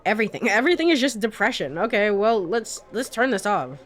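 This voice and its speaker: A woman's voice: mid-range voice, big pitch swings, a little fast. Chatty woman streaming a game. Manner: chatty, laughs often, trails off. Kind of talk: casual let's-play commentary.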